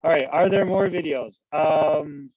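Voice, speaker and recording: Male lecturer, slightly raised pitch, chatty and informal, leans on tag questions; dry, slightly dull lo-fi audio from a call mic. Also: measured pace, no echo. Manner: loose, conversational, full of tag questions. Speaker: university lecturer. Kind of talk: casual online class lecture.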